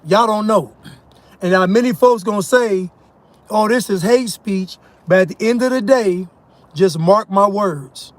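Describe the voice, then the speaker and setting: A man's voice: high voice, normal speed, no room sound. A man delivering an emphatic, mocking monologue rant as a commentator, laughing at his own points. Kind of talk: ranting monologue.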